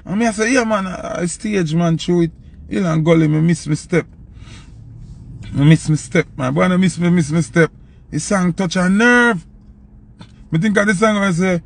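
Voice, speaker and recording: A young man with a Jamaican accent, a selector telling a loose, animated story in patois and acting out the quotes. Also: high-pitched, moderate pace, gravelly. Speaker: dancehall selector. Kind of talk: casual storytelling.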